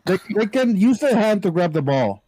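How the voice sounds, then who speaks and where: Lively higher-voiced podcast guy. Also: normal speed, rough recording. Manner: jokey, chimes in with quips. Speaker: podcast co-host. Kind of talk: casual movie review chat.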